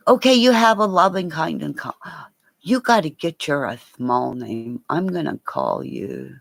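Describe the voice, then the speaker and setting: A woman's voice: low voice, very animated, slow pace, vocal fry, no room sound. A woman rambling and swearing in a casual livestream chat with her viewers, laughing often.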